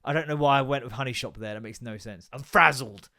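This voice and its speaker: A man in his thirties hosting a solo comedy podcast, ranting with lots of swearing, innuendo and quick mock voices. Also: mid-range voice, vocal fry, pushed and bright. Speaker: podcast host.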